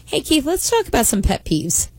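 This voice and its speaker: A female morning radio co-host who teases her partner with emphatic insistence. Her voice sits a little high and is recorded dry and close. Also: wildly swooping pitch, moderate pace, slightly rough, no room sound. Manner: teasing, emphatic. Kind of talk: casual radio banter.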